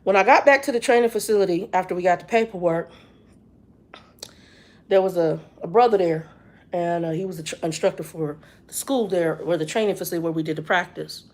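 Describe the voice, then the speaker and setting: Speaking a little fast in a fairly low voice, a vlogger in her 50s tells a story in a relaxed, chatty style. She's animated and quotes lots of what people said.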